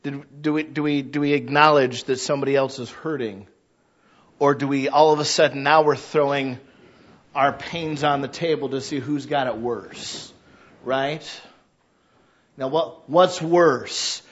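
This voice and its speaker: A man in his thirties preaching a conversational sermon, animated and acting out little quoted voices. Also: medium pitch, unhurried, highs cut off.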